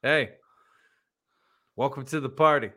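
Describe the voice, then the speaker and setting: Bright-voiced joking male podcaster. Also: mid-range voice, a little slow. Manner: joking, laughs often. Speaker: podcast co-host. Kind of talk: casual podcast chat.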